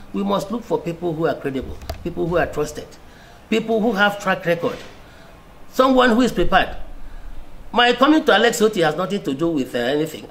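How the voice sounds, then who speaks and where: A man's voice: sits high, fairly bright tone, slight background noise. A middle-aged man with a Nigerian accent giving an emphatic, insistent political speech to camera, often restarting and repeating words. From Abia State, Nigeria. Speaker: senior lawyer and political speaker.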